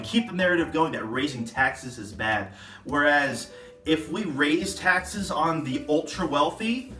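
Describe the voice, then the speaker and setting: A man's voice: mid-range voice, pushed and bright, echoey room, distant mic. A man ranting indignantly in a political vlog, sarcastic and getting worked up. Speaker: political vlogger. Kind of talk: ranting commentary.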